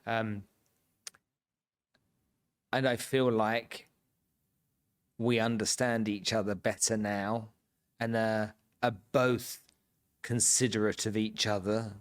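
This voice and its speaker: Male host in his 40s, low and flat, earnest and musing. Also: slow pace, pauses often. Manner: earnest and thoughtful, rambling with fillers. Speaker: podcast host. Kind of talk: casual interview chat.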